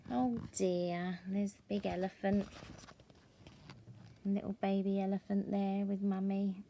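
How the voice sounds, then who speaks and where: A middle-aged woman reading a picture book aloud in a sing-song, gently coaxing way. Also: mid-range voice, little pitch movement, takes it slowly, a little hiss or hum. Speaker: storyteller.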